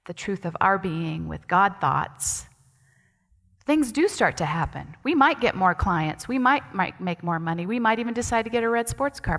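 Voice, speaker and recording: Her voice medium in pitch and fairly bright, an associate minister gives a chatty, conversational sermon, asking the congregation questions. She's in a church sanctuary, and the recording carries a long hall reverb.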